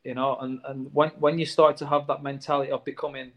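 A man's voice: mid-range voice, little pitch movement, fast talker, a bit bright, dull audio. Earnest man saying "mate". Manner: earnest, says "mate" a lot. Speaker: former footballer guest. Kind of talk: casual interview chat.

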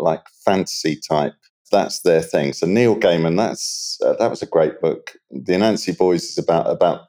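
A British man chatting as a podcast guest, telling stories in a relaxed, slangy way. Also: deep voice. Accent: British English. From England. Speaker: guest, water treatment expert. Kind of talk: casual interview chat.

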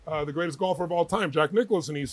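Fast-talking husky man telling stories. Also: fairly high pitch, low-quality recording. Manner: energetic, emphatic, quick storyteller. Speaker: guest author. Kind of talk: animated interview storytelling.

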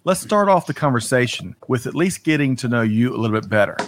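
A man's voice: mid-range voice, lively intonation, fast talker, noisy background. A man hosting a live talk show, greeting viewers by name in an upbeat way with a few stumbles. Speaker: host.

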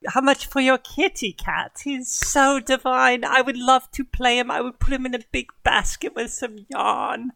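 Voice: sits high, fairly even intonation, unhurried, creaky, few pauses, pushed and bright, no echo, voice pushed up, heavily acted. A game master voicing a flamboyant, fawning male circus ringmaster who calls everyone darling. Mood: gushing. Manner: theatrical, gushing, calls others darling. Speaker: villainous showman who keeps performers as exhibits.

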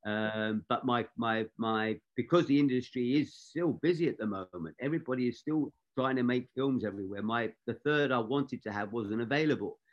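A man's voice: medium pitch, normal speed, few pauses. An older man from England recalls his years on film sets, wandering through stories and doubling back on his own words. His voice sits mid-range for a man. The recording is dull and lo-fi. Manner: rambling anecdotal, frequent restarts. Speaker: film assistant director. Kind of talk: career interview storytelling.

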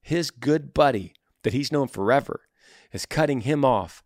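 A man's voice: mid-range voice, normal speed, no room sound, clean studio sound. A man hosting a podcast, answering listener emails with casual advice and acting out bits of dialogue. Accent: Texan. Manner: animated, acts out little scenes of dialogue.

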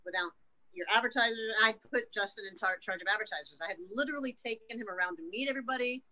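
A woman's voice: mid-range voice, quick pace, pushed and bright, low-quality recording. A woman guest in an interview, recounting a personal story frankly, emotionally and with plenty of swearing. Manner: frank and profane, emotional retelling.

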